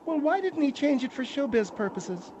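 A man's voice: extremely high pitch, big pitch swings, normal speed, a little mellow, muffled recording, a little hiss or hum, voice pushed up. A man voicing an indignant male panelist who talks in a prissy, scolding way.

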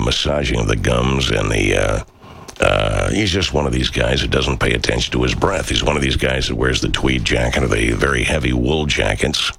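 A middle-aged man, a radio talk show host, chatting casually and answering viewer comments in a rambling, profane, animated way. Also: rumbling low, creaky, breathy edge.

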